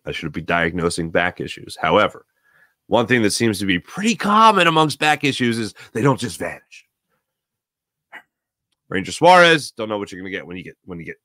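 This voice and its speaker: A man hosting a live morning sports talk show, giving opinionated, rambling takes with sudden animated bursts. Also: fairly low pitch, brisk, no echo, clean studio sound. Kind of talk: solo sports radio monologue.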